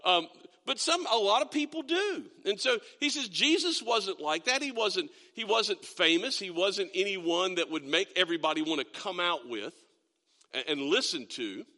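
A middle-aged man preaching a sermon, reading scripture slowly and emphatically, stumbling over restarts. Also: high voice, lively intonation, sharp tone, long reverb tail. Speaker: pastor. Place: church sanctuary.

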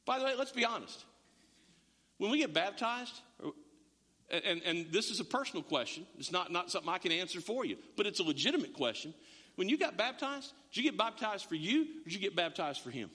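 A man preaches with a high, bright and forceful voice that swings widely in pitch. He talks conversationally and acts out back-and-forth dialogues. His voice rings with the long reverb of a church sanctuary. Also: sing-song, brisk. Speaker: pastor. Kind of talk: sermon.

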